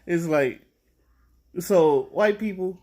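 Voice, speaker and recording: A man's voice: high-pitched, slow pace. Young man ranting casually to camera. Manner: rambling, restarts a lot, gets louder and more heated as he goes. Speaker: vlogger. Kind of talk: casual opinion monologue to camera.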